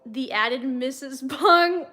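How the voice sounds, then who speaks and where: A woman's voice: sits high, slow pace, pushed and bright, soft background music. A young woman on a livestream reading fanfiction aloud, breaking off for wry, chatty comments to her viewers. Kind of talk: casual read-aloud with chat asides.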